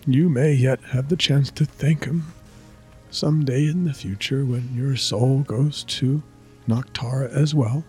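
A man playing a tabletop game, speaking in a calm, formal, reassuring way. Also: medium pitch, measured pace, faint music behind. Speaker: player. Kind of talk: in-character tabletop play.

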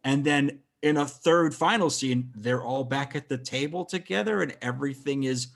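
Husky guy hosting a movie podcast, loose and sweary, talks in bursts. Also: medium pitch, normal speed. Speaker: podcast host. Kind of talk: casual chat about a film.

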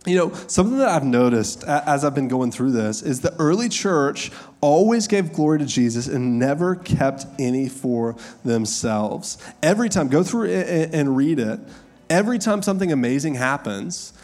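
A man, preaching a conversational sermon with emphatic, slowed-down lines. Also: fairly high pitch, lively intonation, a little mellow. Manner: conversational, laughing asides, emphatic slow repeated lines. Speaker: pastor.

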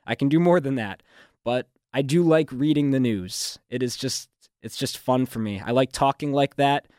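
Young man, smooth newsreader delivery. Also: mid-range voice, normal speed, a little mellow, dry recording, clean studio sound. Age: young adult. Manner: fluent, newsreader-like delivery with restarts and laughs. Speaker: graduating student guest. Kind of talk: casual radio interview. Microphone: studio microphone.

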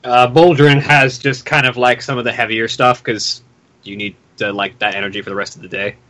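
Bright-toned man explaining. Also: medium pitch, fairly even intonation, a little fast. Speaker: player. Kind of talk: casual tabletop game chat.

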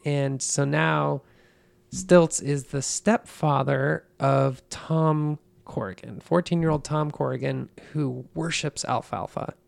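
A woman's voice: sits low, steady tone, takes it slowly, darkish tone. A woman telling a long story in casual chat, drifting into a folksy drawl, swearing freely. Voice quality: gravelly, creaky. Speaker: podcast storyteller.

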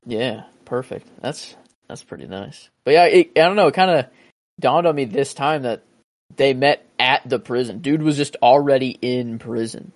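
A man's voice: medium pitch, moderate pace, dry recording. A man co-hosting a podcast, telling about a film scene in a rambling, hesitant way. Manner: rambling, hesitant, many fillers. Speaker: podcast co-host. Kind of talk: casual movie discussion.

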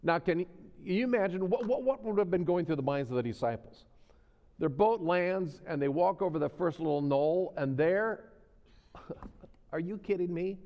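A man preaching a sermon in a folksy, conversational way, repeating phrases for emphasis and dropping softly at the ends of points. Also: fairly high pitch, unhurried, highs cut off. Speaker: pastor. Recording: long reverb of a church hall.

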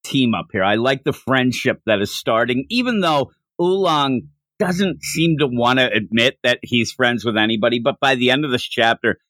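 A man hosting a podcast, recapping a comic chapter in casual chat with a rambling, animated way of telling it. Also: mid-range voice, normal speed, no echo. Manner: rambling, animated retelling with frequent restarts. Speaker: podcast host.

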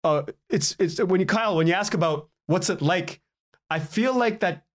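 A man guest on a podcast interview, chatting casually and telling animated stories. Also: high-pitched, moderate pace. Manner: animated, anecdotal storytelling.

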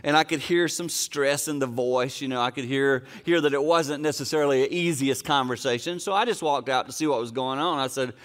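An older man preaches a sermon, sharing a personal story in an earnest, conversational and folksy manner. As a pastor he speaks a little fast with hardly any pauses, his medium-pitched voice a bit bright.

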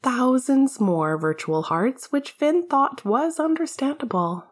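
A woman's voice: sits high, lively intonation, slow. A woman narrating a fan fiction story in a wry, casual way, swearing freely. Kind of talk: fan fiction audiobook reading.

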